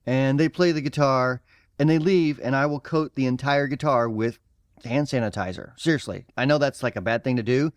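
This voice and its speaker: In a studio-quality recording with no echo, a podcast co-host with an American Midwest accent rambles through casual chat, using fillers and laughing easily. His voice sits in the mid range at a moderate pace.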